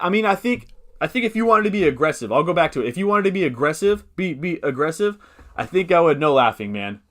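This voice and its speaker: Male streamer, mid-pitch, casual and chatty; restarts sentences, reads chat aloud, upbeat. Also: fairly bright tone. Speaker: fantasy football streamer answering chat.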